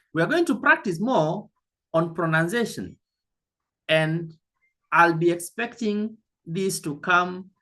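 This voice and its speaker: A woman teaching an online language lesson, speaking slowly and deliberately, repeating key words and addressing the learner directly. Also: fairly low pitch, a bit bright.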